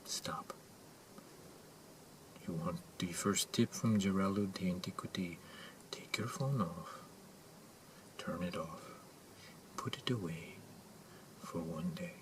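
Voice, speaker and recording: Male actor as an odd, earnest self-help guru with a deep voice, broken grammar, whisper-to-shout delivery, recorded far off. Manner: swings between hushed whispers and loud exclamations. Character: eccentric male motivational guru, intense and earnest. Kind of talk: character monologue to camera. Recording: distant mic with faint ambient noise.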